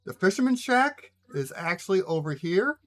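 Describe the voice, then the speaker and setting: A man's voice: high voice, big pitch swings, moderate pace, a bit bright, faint music behind. A man running a tabletop game as game master, narrating casually with frequent fillers.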